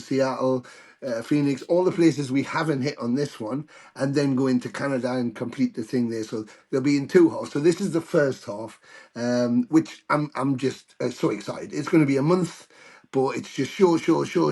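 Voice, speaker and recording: A British man in his older years, a guest musician telling stories in a casual interview, animated and swearing freely. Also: medium pitch. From United Kingdom.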